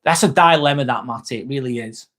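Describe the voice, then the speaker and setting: A man hosts a casual live stream, reading viewer comments and giving earnest advice. He talks fast in a mid-range, slightly bright voice, often repeats himself, and calls people mate.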